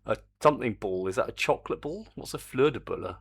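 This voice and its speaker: A man's voice: mid-range voice, animated, fairly quick, creaky, few pauses, slightly rough. An older man, chatting casually on a live stream while he works on a game, reading the chat aloud and swearing mildly.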